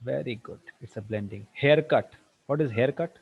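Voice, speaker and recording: A man teaching an online tutorial, firing quick questions at students and slipping into Hindi. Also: mid-range voice, vocal fry, slightly rough. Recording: dull lo-fi dry sound.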